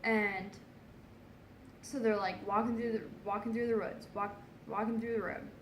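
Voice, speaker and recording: A woman's voice: medium pitch, steady tone, moderate pace, reverberant, slight background noise, poor audio. A tipsy woman retelling an old saga in a rambling, casual comic way, full of "like" and "so then". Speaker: narrator.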